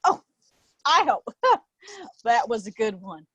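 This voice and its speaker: A woman's voice: a little high, sing-song, slow, pushed and bright, no room sound, heavily acted. A woman playing a nervous young man with OCD who stammers and talks in a folksy, put-on Texan drawl, in a live play reading.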